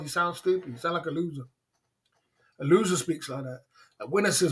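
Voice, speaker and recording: A man's voice: a little high, a little fast. A man hosting a livestream, giving a blunt, repetitive motivational rant with slang and laughing asides. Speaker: livestream host. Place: indoors in Thailand.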